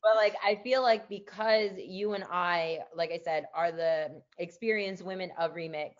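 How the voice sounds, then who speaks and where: A woman's voice: on the low side, normal speed, highs cut off. A woman hosting a podcast in casual interview chat, chatty and full of "like". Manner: chatty, peppers speech with "like". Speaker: podcast host, former wrestler.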